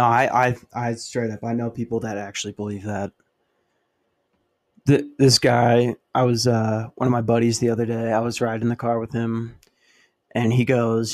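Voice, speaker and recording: A man hosting a podcast, telling a rambling, profane, self-mocking story in a casual monologue. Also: medium pitch. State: dry mouth. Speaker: podcast host.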